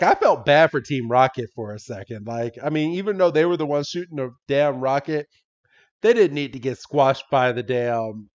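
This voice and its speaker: A man casually recapping a cartoon episode as a podcast co-host, excitable, laughing and swearing freely. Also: on the high side, dull audio.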